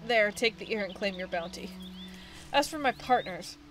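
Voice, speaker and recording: A woman's voice: mid-range voice, expressive, normal speed, a bit bright, a little hiss or hum, close to an everyday voice. A woman voicing a terse, resigned male escaped convict in a video game, close to her own voice. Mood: grudging. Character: grudging male escaped convict, wants solitude. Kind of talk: reading game dialogue aloud.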